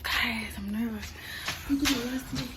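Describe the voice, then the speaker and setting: High-voiced woman vlogging on a noisy phone video. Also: normal speed. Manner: hushed, giggly asides to the camera. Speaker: vlogger pulling a prank. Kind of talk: casual vlog chat.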